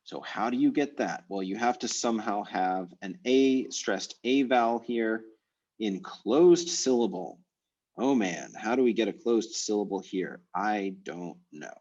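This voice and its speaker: A man's voice: on the low side, a little mellow, muffled recording. A man teaching an online language class, thinking aloud with many fillers and restarts. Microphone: video call.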